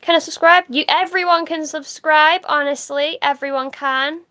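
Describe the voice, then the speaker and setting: High-voiced chatty woman streamer. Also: steady tone, normal speed, bright, forceful tone. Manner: chatty, laughs easily, swears casually. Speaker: livestreamer. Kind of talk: casual live-stream chat reading comments.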